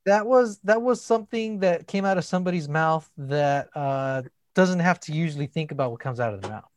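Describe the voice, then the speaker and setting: A man in relaxed podcast chat, reacting with short comments and laughs. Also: on the high side, fairly quick, no echo. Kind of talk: casual chat.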